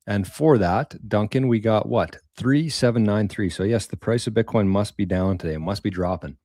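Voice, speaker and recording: A man's voice: on the low side, moderate pace, warm tone, no room sound, clean studio sound. A man hosting a casual live stream, thanking viewers for tips in a rambling way, repeating words and using mild slang. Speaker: livestream host reading viewer tips.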